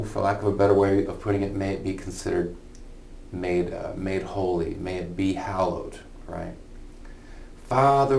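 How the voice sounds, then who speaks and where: A man's voice: low voice, gravelly, a little mellow. A man teaching a college humanities lesson in an informal online lecture, thinking aloud with fillers and repeated phrases. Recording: echoey room, somewhat far from the mic, faint noise.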